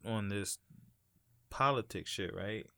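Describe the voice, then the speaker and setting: A man co-hosting a casual podcast chat, emphatic and jokey, trailing off quietly as he wraps up his points. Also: on the low side, slow, vocal fry, no room sound, studio quality. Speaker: podcast co-host.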